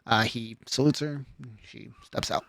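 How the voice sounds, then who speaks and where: A man narrating a tabletop game as game master in a relaxed, loose way, with many fillers and restarts. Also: medium pitch, a little slow, gravelly.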